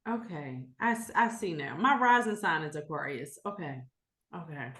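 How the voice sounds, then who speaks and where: A woman's voice: low voice, animated, moderate pace, fairly bright tone. A woman hosting a podcast, listening and giving short affirmations in a casual talk. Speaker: podcast host. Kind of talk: casual conversation.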